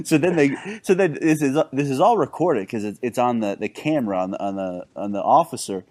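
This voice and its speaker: A man co-hosting a casual podcast, telling stories in a halting, rambling way with lots of fillers and restarts. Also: medium pitch. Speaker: podcast co-host.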